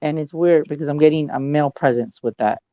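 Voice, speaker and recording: A male psychic giving a dramatic live reading over a video call. He often drops into low, hushed asides. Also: fast, no echo, muffled recording.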